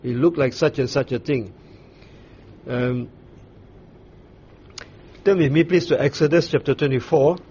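A Bible teacher leads a study, walking listeners through scripture at an unhurried, searching pace with frequent pauses, fillers, and restarts. His voice is medium-pitched and dark in tone, in an ordinary middle register. The recording is dull and lo-fi, with a faint hiss underneath.

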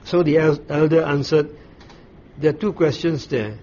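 A man giving a Bible study, explaining scripture in a measured way with frequent pauses and restarts. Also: on the high side, dark tone. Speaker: Bible teacher. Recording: slightly dull recording with faint ambient noise.

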